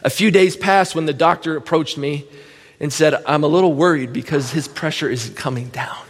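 A middle-aged man speaks to his congregation in a voice pitched a little high, laughing easily as he tells his testimony. His words carry a long reverb tail through the church hall. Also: moderate pace. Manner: emotional storytelling, laughs often. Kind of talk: testimony sermon. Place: church sanctuary.

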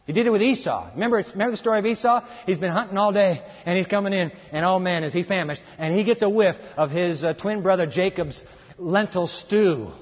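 A man preaching a sermon in an animated way, acting out voices and urging his listeners to join in. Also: high voice, fairly quick. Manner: animated, acts out voices, urges the audience. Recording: echoey hall, dull lo-fi sound.

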